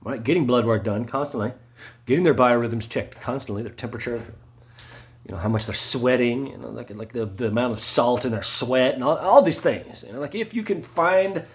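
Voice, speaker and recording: A man in a rambling monologue, full of "right?" and "you know" fillers, swinging between low mutters and sharp emphatic spikes. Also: a little fast.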